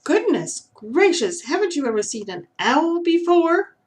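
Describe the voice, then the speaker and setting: A woman doing a wise old owl, gentle. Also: high-pitched, sing-song, pitched above the performer's own voice, low-quality recording. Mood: kindly. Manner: gentle, instructive, measured. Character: wise old male owl, stern but kindly.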